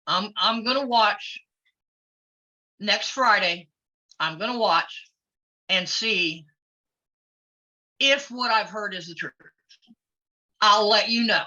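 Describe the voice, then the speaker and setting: A woman, a former wrestler, chatting openly in an interview, outspoken and quick to laugh. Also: medium pitch, bright, forceful tone. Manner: outspoken and blunt, laughs easily. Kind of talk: casual interview chat. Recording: lo-fi audio.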